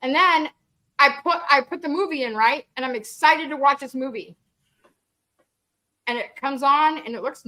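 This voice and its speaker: A high, bright woman's voice, loose and unguarded, telling stories with plenty of swearing and laughter. Her tone stays sharp and forward as she chats. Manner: candid, laughing, swears freely. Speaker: guest storyteller. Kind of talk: casual profane storytelling.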